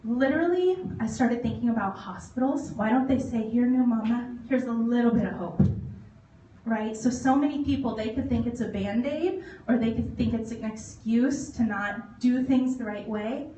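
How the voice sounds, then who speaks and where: Animated woman speaking in an echoey hall. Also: fairly high pitch, moderate pace, a little hiss or hum. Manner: animated, laughs often, acts out quoted voices. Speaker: motivational speaker. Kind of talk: testimonial talk to an audience. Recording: echoey hall recorded from far off.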